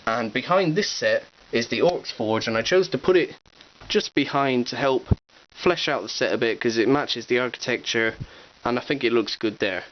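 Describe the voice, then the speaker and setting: A man's voice: mid-range voice, normal speed. A man giving a chatty, upbeat show-and-tell tour of his collection at home, with playful asides. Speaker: toy collection vlogger. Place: room at home with display shelves. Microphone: cheap digital camera. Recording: dull camera audio with faint hiss.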